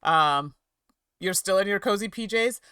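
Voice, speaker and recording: A woman's voice: mid-range voice, measured pace, fairly bright tone, clean tone, no echo, clean studio sound. A middle-aged woman chatting casually with her livestream audience from home, rambling and often giggling. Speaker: streamer and game reviewer. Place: home office.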